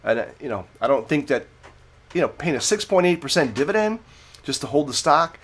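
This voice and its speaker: A man's voice: on the high side, sing-song, brisk, fairly bright tone, breathy edge. Rambling man hosting a livestream. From United States. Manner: rambling, self-correcting, digressive storytelling. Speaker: livestream host reviewing beer. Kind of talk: casual unscripted livestream chat.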